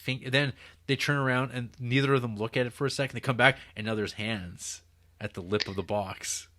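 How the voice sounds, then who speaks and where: A man's voice: mid-range voice, steady tone, fairly quick, sharp tone, no echo. A man co-hosting a podcast, casually recapping a film in a rambling way and acting out the scenes. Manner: rambling, self-interrupting, acting out scenes with quoted voices. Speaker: podcast co-host.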